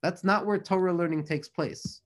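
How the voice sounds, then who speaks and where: A man's voice: high-pitched, steady tone, normal speed. Fervent male Torah teacher, rhythmic lists. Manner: rhythmic, repeating phrases in building lists. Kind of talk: impassioned Torah lecture.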